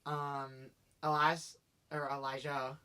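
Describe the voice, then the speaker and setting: Bright-voiced teasing co-host. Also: male voice, a little high, monotone, slow, clean tone. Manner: teasing, blunt trash talk. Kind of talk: casual podcast chat.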